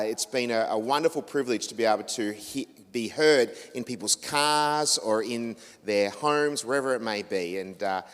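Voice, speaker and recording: A man with an Australian accent, a radio host giving a chatty, rambling talk to a church audience with many fillers and restarts. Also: medium pitch. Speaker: radio host and guest speaker. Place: church hall. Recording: reverberant church hall.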